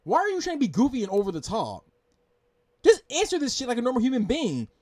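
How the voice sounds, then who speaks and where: A man's voice: very high-pitched, wildly swooping pitch, quick pace, a little mellow, dry recording, clean studio sound. A man hosting a reaction video, ranting in exasperation, swearing and repeating himself. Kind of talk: angry rant commentary.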